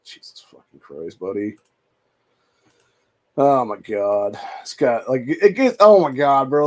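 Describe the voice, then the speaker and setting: A man's voice: mid-range voice, sing-song, unhurried. A man hosting a political commentary show, reacting to clips with a profane, contemptuous rant. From United States. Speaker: host.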